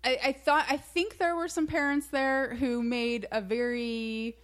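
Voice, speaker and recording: A woman co-hosting a podcast tells a story in a casual chat, animated and laughing often. Her voice sits high and her pace is a little slow.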